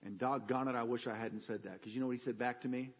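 A man's voice: mid-range voice, fast, slightly rough, in a large hall, muffled recording. A man preaching a sermon in a church, telling personal stories with humor and energy. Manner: animated personal storytelling with humor.

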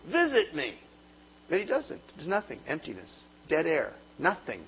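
A man preaches with a high, lively voice that swings up and down as he acts out comic inner voices. The recording is a little muffled, with a faint hum behind him. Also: moderate pace. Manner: animated, comic storytelling with mock inner voices. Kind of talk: sermon.

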